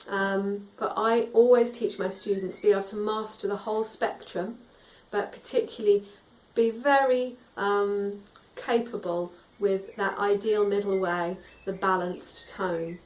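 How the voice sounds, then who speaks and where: A woman's voice: mid-range voice, steady tone, unhurried, recorded from a distance. Singing teacher woman in a roomy echo. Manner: friendly instructive, demonstrates sung tones. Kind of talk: explanatory vocal lesson. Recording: roomy echo, a little off mic.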